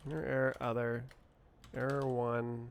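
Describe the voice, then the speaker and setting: A man thinking aloud as he works through code on a live stream, muttering to himself in halting fragments. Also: medium pitch, little pitch movement, gravelly, slight background noise. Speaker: programmer streaming live coding. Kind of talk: thinking aloud while coding.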